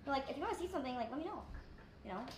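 Woman rambling thru a vlog, talks quick, lots of um and like, roomy echo. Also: high voice, lively intonation, slight background noise. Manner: rambling, filler-heavy, self-deprecating. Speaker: YouTuber. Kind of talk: casual vlog chat. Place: indoors in a rented place with friends. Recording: echoey room.

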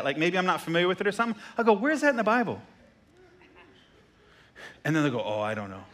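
A man preaching a sermon as pastor, animated and jokey, who repeats phrases and asks the congregation questions. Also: high-pitched. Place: church sanctuary.

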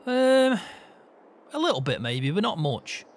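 A man's voice: sits high, very animated, measured pace, slight background noise. A man playing easygoing farm hand. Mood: explaining. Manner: easygoing, laughs often, mock-grumpy. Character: young male farm hand with his own caravan. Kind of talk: roleplay banter over a farming game.

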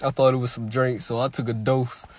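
A man's voice: medium pitch, little pitch movement, fairly quick. A young man who tells rambling comic stories in slang, laughs at his own jokes, and talks into a webcam during a video chat. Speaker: comedy streamer. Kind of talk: loud rambling comic storytelling.

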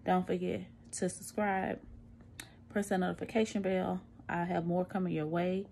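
Woman, middle-aged, a bit low, out of breath, chatty and candid, phone camera at home. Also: level tone, creaky, darkish tone, a little hiss or hum. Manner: chatty, candid, slow and tired. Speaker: vlogger. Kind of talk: casual post-surgery recovery vlog.

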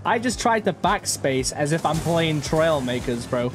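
A young man streaming a flight game, joking and reacting loudly, swinging between mock calm and yelling. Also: fairly high pitch, unhurried, over music. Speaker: gaming streamer. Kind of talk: live gameplay commentary.

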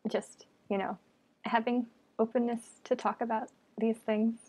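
A woman's voice: on the high side, level tone, a little slow, darkish tone, husky. A woman co-hosting a podcast in casual chat, enthusiastic, with dry humor.

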